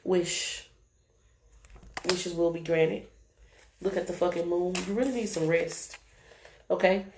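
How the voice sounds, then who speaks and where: A woman's voice: fairly low pitch, fairly even intonation, slow, long pauses, darkish tone, slight background noise. A woman giving a live-stream tarot reading in a blunt, profane manner, with laughing asides and lots of "right?" checks. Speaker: tarot reader. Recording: roomy echo.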